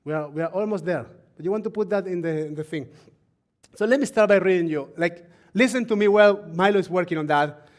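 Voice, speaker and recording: A man leading a Shabbat service who preaches in a chatty way, laughing often, asking the congregation and crew for attention, and reading scripture slowly. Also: sits high. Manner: reads scripture slowly and deliberately. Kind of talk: live-streamed sermon and Torah teaching.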